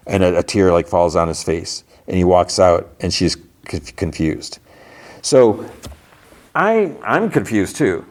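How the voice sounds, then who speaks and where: A man's voice: deep voice, lively intonation, measured pace, a little mellow. A man hosting a podcast, casually recapping a TV episode and retelling the characters' lines with plenty of fillers and restarts. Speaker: podcast host.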